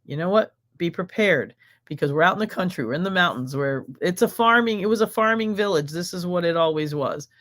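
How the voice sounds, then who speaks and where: A woman's voice: fairly low pitch, expressive, a little fast, a bit bright. A middle-aged American woman with an American accent hosts a live stream, chatting exuberantly and rambling through questions and stories. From United States.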